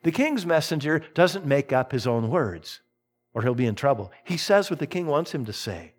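A male pastor delivering a sermon, his voice sitting a little high for a man and swinging widely in pitch. He is middle-aged and animated, and he slips into quick impressions when he tells a story.

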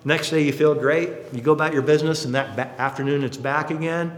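A man preaching a sermon in an animated way, acting out the people in his stories. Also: on the high side, fairly quick. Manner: animated, acts out quotes. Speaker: pastor. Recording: roomy hall reverb.

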